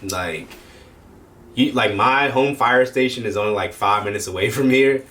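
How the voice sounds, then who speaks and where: A man's voice: medium pitch, normal speed, a bit bright, a little hiss or hum. A young man, a firefighter and paramedic, telling a personal story in a rambling, slangy way with many fillers. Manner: rambling, lots of fillers, slangy, acts out quotes. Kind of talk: casual storytelling vlog.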